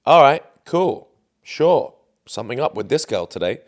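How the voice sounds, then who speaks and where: A man's voice: medium pitch, big pitch swings, moderate pace. A young man telling a dating story to camera in a chatty, confident way, full of fillers. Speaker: dating coach.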